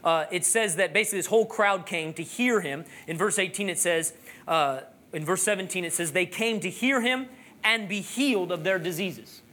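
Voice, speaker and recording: A preacher giving a sermon, telling a lively personal story and then building to emphatic, raised-voice preaching. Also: medium pitch, moderate pace.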